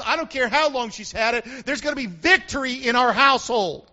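Male pastor, high bright voice, fervent sermon that swells into shouts, dull lo-fi church recording. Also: brisk. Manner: preaching with rising fervor, shouting at peaks.

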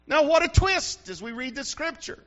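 A man's voice: very high voice, sing-song, moderate pace, highs cut off. A man preaching a sermon as pastor, emphatic and repetitive, asking the congregation rhetorical questions.

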